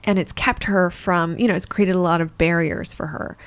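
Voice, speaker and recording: A woman's voice: lowish voice, steady tone, normal speed, clean tone. A woman co-hosting a podcast, explaining psychology in a thoughtful way with some fillers. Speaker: psychologist co-host. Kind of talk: podcast discussion.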